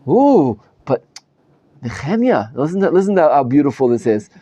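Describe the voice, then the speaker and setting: A rabbi teaches a live Bible class to a room of students. His voice is mellow and dry, and the recording sounds dull and lo-fi. His delivery is lively, swinging up and down as he dramatizes the text with frequent restarts. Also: medium pitch, fairly quick, no room sound. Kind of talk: live Bible study lecture. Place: study hall with students.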